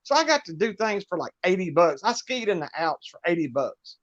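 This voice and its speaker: In a relaxed livestream conversation, a guest musician, middle-aged and Southern-accented, laughs his way through folksy, wandering tales. He speaks fairly quickly in a high, fairly bright voice with big pitch swings, captured on a dry, lo-fi recording.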